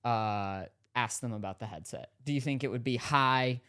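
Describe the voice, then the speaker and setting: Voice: mid-range voice, a little fast. A host in casual chat, asking playful hypothetical questions and laughing often.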